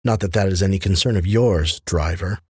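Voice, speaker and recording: A scarred woman soldier, hostile and on edge, as a male narrator voices her, clipped and sneering with suspicion. Her lines come slow and heavy, in a husky, low voice that is dry and close. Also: no echo. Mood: tense.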